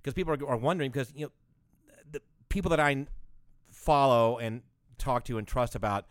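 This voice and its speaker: A man co-hosting a casual podcast, quick-witted and teasing, often cutting in. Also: mid-range voice, smooth, no echo, clean studio sound. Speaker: podcast co-host. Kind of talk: casual chat.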